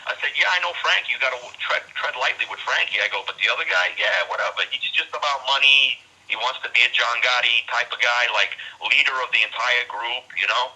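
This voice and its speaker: Serbia-born ex-mob guest, animated and profane storyteller, very bright edgy voice, call audio. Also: male voice, mid-range voice, brisk, hardly any pauses, rough recording. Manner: blunt, profane, animated retelling with quoted dialogue. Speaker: interview guest, former mob associate. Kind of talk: storytelling interview over a call.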